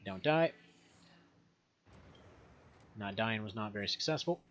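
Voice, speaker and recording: A man's voice: lowish voice, expressive, unhurried, fairly bright tone, highs cut off, slight background noise. A man in his thirties giving rambling, casual gameplay commentary from home, chatting and laughing often. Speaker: gaming streamer.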